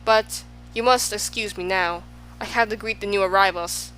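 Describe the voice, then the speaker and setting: Brief: a woman doing a loud, eager storybook man who lurches between moods, over a faint hum. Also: mid-range voice, steady tone, normal speed, close to an everyday voice, poor audio. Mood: rueful. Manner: exclaiming, swinging between moods. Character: excitable, fickle man of all extremes.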